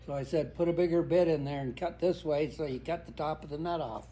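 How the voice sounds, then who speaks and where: A man's voice: fairly high pitch, a little fast, dark tone, a little hiss or hum. An older man chatting at home while eating, plain-spoken and matter-of-fact. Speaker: husband at home. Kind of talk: casual kitchen chat. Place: home kitchen.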